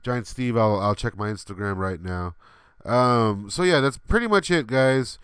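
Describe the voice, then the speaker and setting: A man's voice: medium pitch, lively intonation, unhurried, a bit bright, smooth, dry recording, clean studio sound. A man in his thirties hosting a livestream, telling a rambling, laughing story with many fillers and some swearing. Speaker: livestream host.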